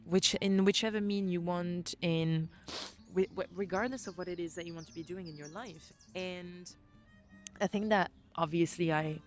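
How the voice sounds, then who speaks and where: A young woman with a French accent, talking through a reflective solo podcast, animated, swearing often and slipping into French phrases. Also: on the low side, normal speed, faint music behind. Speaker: podcast host.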